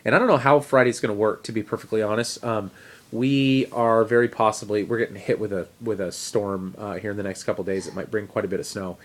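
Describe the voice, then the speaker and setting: A man's voice: on the low side, steady tone, fast talker. A man, a teacher, talking casually to camera in a fitness video diary, rambling with fillers and self-deprecating asides. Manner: rambling, with frequent fillers and restarts. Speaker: teacher sharing a fitness update.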